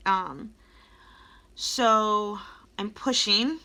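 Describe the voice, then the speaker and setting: Brief: young woman vlogger, bright tone, unhurried, halting and emotional storytelling. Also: medium pitch. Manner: emotional, halting, many ums, close to tears. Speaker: vlogger telling her birth story. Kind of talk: casual storytelling to camera.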